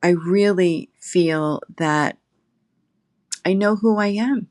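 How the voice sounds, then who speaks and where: A middle-aged woman, a guest in recovery, telling her personal story slowly and reflectively, pausing often. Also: on the low side, darkish tone, dry recording, studio quality. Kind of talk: emotional personal testimony. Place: her apartment.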